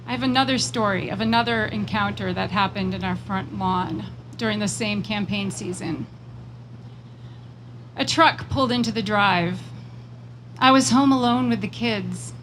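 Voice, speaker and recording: At a rally, a woman delivers a prepared political speech in a mid-range voice over a noisy background. She's measured and emphatic, slowing on repeated phrases before shifting into personal storytelling.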